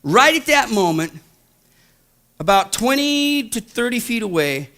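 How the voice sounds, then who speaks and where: A man in his thirties, a pastor, telling a story in a sermon, swinging from hushed to loud. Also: extremely high pitch, very animated, unhurried.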